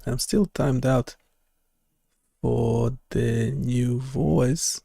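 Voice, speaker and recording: Slow, gravelly-voiced man thinking aloud. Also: medium pitch, steady tone, warm tone, no room sound, clean studio sound. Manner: halting, thinking aloud with many fillers. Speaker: web developer streaming live. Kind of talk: casual live-stream talk.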